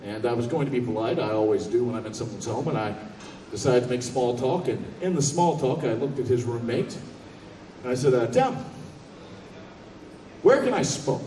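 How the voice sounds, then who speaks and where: A man telling a comic story on stage in a convention hall, animated, profane and laughing. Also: mid-range voice, fairly quick, slight background noise. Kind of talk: stand-up storytelling. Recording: echoey hall from far off.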